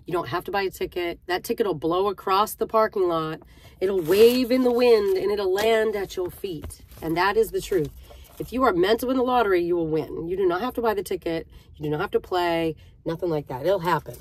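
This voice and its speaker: A woman talks to her viewers like friends, spinning a personal story in a loose, chatty vlog style. Her voice sits a little low for a woman. She fills pauses and keeps checking in with her audience. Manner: chatty, conversational, with fillers and direct address. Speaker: vlogger. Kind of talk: casual storytelling to camera.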